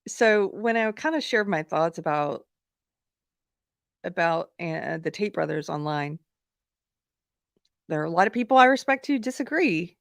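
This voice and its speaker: A woman's voice: fairly low pitch, animated, a little slow, creaky, long pauses, no room sound, studio quality. A woman hosting a livestream, giving outspoken, chatty commentary and reading viewer comments aloud. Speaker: livestream host. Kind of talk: casual commentary.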